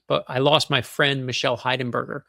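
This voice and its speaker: A man, a guest on a show, telling a long personal story in a fast, animated way and acting out the other people in it. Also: medium pitch, gravelly, dry recording, clean studio sound. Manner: excited, fast anecdote with quoted voices. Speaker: guest author.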